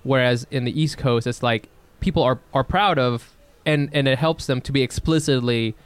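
A man's voice: medium pitch, normal speed, smooth, no room sound. A man talking loosely in a casual chat, swearing freely and joking around. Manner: loose, profane, jokey, slips into mock voices.

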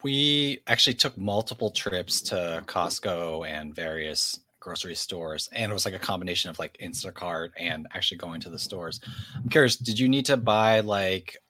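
A man with a very deep, husky voice co-hosting a podcast. He chats casually with dry, self-mocking humor. His voice comes across close and dry. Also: normal speed, pushed and bright, no echo. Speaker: podcast co-host.

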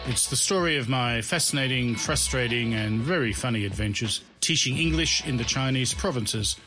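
A man telling his own comic travel story as scripted narration, in a wry, deadpan way. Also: mid-range voice, moderate pace, over music.

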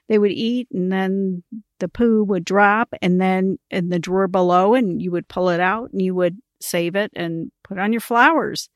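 A middle-aged woman hosting a ministry podcast, telling a story in a casual, animated way and laughing as she talks. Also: mid-range voice, dry recording, studio quality. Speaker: podcast host, ministry coach.

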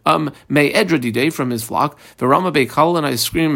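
A man teaching a relaxed Talmud class, conversational and rambling with frequent ums, guiding listeners through marks on the page. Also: fairly high pitch, normal speed, creaky. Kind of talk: casual daily page class.

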